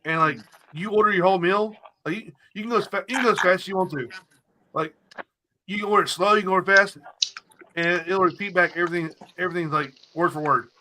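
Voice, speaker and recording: Podcast co-host, man, fast and bright, loose and profane. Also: high voice, slight background noise. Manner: rambling, repeats phrases, swears freely. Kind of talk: casual podcast banter.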